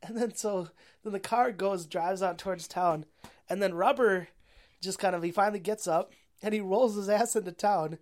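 A woman's voice: mid-range voice, normal speed, darkish tone. Rambling young woman recapping a movie. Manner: rambling, heavy on "like" and swearing, laughs often. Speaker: movie reviewer. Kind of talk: casual plot recap.

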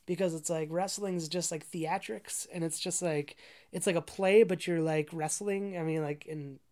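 A woman's voice: fairly low pitch, fairly even intonation, normal speed, a little mellow. A woman ranting casually about a movie, rambling with constant "like" fillers, profanity and frequent laughs.

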